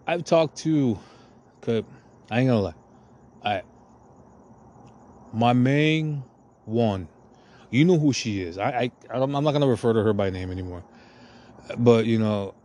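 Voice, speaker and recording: A man's voice: medium pitch, darkish tone. A man talking in a profane, meandering, self-deprecating monologue as a podcast host. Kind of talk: rambling confessional monologue.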